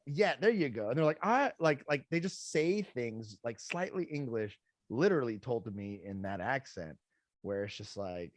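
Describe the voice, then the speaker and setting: A man's voice: mid-range voice, moderate pace, no room sound. A man, a dog trainer and guest podcaster, telling stories in casual chat with casual swearing. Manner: animated storytelling, swears casually.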